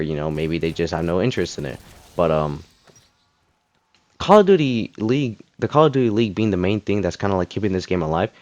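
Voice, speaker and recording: A man with a fairly low voice delivers a casual rant about games. He rambles, restarts his sentences and fills gaps with lots of fillers. The sound is dry and close, with almost no room echo. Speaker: gaming commentator.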